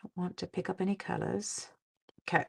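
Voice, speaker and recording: Chatty gravelly-voiced woman crafting live. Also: fairly low pitch, flat delivery, a little fast. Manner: chatty, self-deprecating, drops to quiet mutters while working. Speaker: craft livestream host. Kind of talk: casual crafting demonstration.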